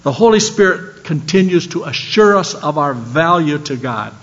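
An older man preaching a sermon, telling stories and swinging between animated lines and soft, low ones. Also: moderate pace. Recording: dull lo-fi sound.

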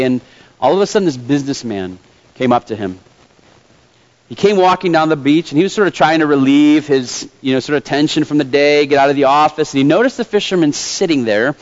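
A man preaching a sermon in a conversational, storytelling manner, with fillers. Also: mid-range voice. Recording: dull lo-fi sound.

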